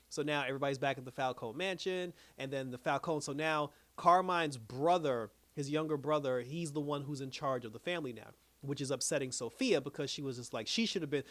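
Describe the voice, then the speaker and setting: Male reviewer, loose chatty recap, voice sits a bit high. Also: brisk, hardly any pauses, a bit bright, no echo. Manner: loose and rambling, heavy on fillers and restarts. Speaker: TV series reviewer. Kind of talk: casual plot recap.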